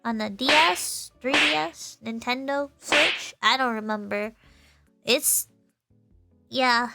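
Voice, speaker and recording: A woman's voice: sits high, slow, creaky, sharp tone, soft background music. A tipsy woman streamer rambling through a casual explanation, giggly and loose, often correcting herself mid-sentence. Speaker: VTuber streamer.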